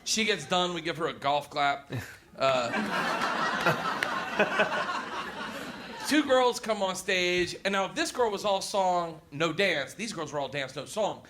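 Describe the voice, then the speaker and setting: A young male stand-up comic with a high, wildly swinging voice, crude and excitable, laughing between lines. The recording sits under heavy noise. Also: takes it slowly, pauses often, crowd noise. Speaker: stand-up comedian. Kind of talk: stand-up storytelling.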